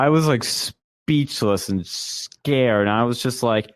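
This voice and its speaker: A man's voice: medium pitch, expressive, measured pace, hardly any pauses, no room sound. Dry-voiced young man telling a story. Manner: rambling, many fillers and restarts. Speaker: podcast co-host. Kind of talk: casual storytelling chat.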